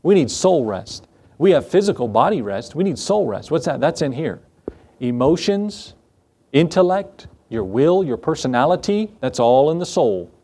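A man's voice: fairly high pitch, very animated, moderate pace, dark tone, slightly rough. A male pastor preaching a sermon in a conversational way, with rhetorical questions and repeated phrases.

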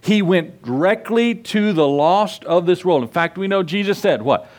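A man's voice: sits high, expressive, moderate pace, hardly any pauses. A man preaching a sermon as pastor, earnest and folksy, often putting questions to his listeners.

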